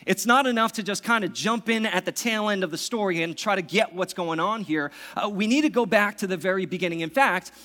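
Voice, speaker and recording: A man preaching a sermon as pastor, swinging from loud, excited passages to hushed, reverent ones. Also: high voice, a little fast, few pauses.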